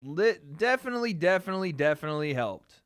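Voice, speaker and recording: A man's voice: high voice, sing-song, quick pace, fairly bright tone, clean tone. A man hosting a casual livestream, talking animatedly and boastfully, swearing freely, with a light Southern American accent. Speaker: streamer host.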